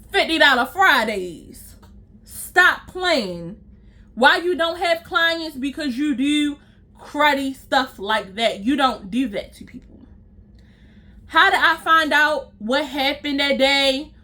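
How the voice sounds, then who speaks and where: Addressing her viewers directly, a young storytime vlogger delivers a casual rant that is blunt, exasperated, and full of profanity. She has a high voice that sounds pushed and bright.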